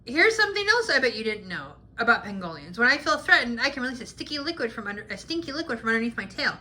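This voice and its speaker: Proud little storybook pangolin played by a woman, keeps correcting folks, bright high lively voice. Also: quick pace, slight background noise. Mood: explaining. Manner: explains and corrects others firmly. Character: chatty patient pangolin, proud of itself.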